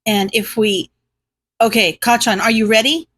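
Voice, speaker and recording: A woman's voice: a little high, fairly even intonation, moderate pace, a bit bright, breathy edge. A woman doing a shy, stammering teenage boy. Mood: hesitant. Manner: hesitant, stammering with ums.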